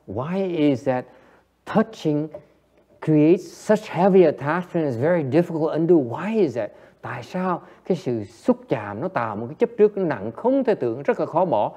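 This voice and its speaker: A man with a high voice teaches a Dharma class. He jokes, coaxes answers from the room and laughs often, mixing English and Vietnamese as he explains. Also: very animated, normal speed, dark tone, slightly rough. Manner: playful, coaxing the audience, switching between English and Vietnamese; frequent laughter and repeated "yes, yes". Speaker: Buddhist teacher.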